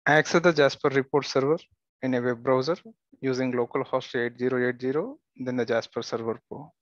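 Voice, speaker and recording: Man giving a plain step-by-step software walkthrough. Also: medium pitch, brisk, no echo, dull audio. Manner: steady step-by-step instructions with occasional fillers and restarts. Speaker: software tutorial instructor. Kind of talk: screen-recorded software tutorial.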